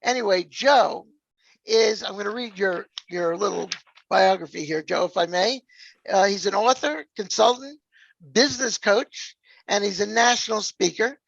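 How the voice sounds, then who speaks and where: A podcast host from the New York area chats and jokes casually, peppering his lines with "all right?". His high-pitched voice is creaky and fairly bright at normal speed, with no echo and a dull, dry lo-fi sound.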